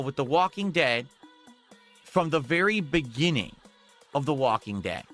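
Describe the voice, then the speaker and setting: Bright-voiced ranting male streamer. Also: on the high side. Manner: incredulous, ranting. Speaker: streamer host. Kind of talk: casual chat.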